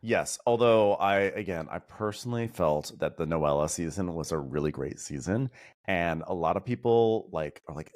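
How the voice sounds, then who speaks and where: A man guesting on a podcast, chatting about reality TV in an animated, opinionated way and mimicking people he quotes. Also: sits low, normal speed. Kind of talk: casual pop-culture chat.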